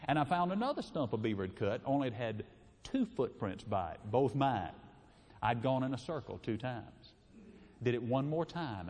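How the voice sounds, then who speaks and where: Folksy preacher in a hall. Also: male voice, mid-range voice, darkish tone. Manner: folksy, chuckling, homespun. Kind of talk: folksy sermon storytelling. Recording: reverberant hall.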